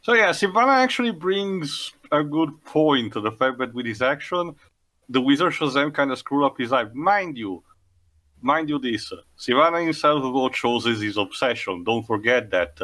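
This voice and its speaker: A man's voice: medium pitch, animated, normal speed, sharp tone. A young man co-hosting a casual movie commentary, rambling and restarting phrases and laughing often. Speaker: podcast co-host.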